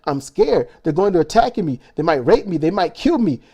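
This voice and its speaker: A man's voice: fairly high pitch, very animated, moderate pace, mellow, husky, heavily acted. A man quoting a frightened teenage schoolgirl. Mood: scared. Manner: plaintive, scared.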